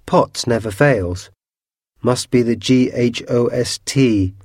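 A man voicing an excitable, mischievous young boy in a storybook reading, loud and teasing. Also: medium pitch, takes it slowly, no echo, clean studio sound. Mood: excited.

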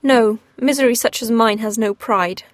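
A despairing young woman, passionate and pleading, as a woman reader puts her on. The voice sits a little high and sounds dry and close, like a storybook read aloud. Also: normal speed, no echo, lightly acted.

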